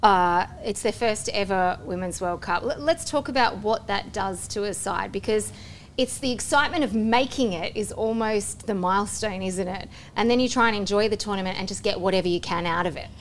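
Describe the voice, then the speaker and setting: A woman hosting a sports podcast, steering a casual panel chat with brisk questions. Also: mid-range voice, a little hiss or hum. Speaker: podcast host.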